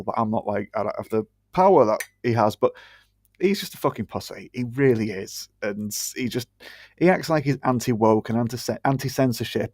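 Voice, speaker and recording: A man's voice: medium pitch, creaky, darkish tone, no echo. British man, co-host, blunt and profane, mid voice, dry close mic. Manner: blunt, sweary, ranting. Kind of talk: casual podcast chat.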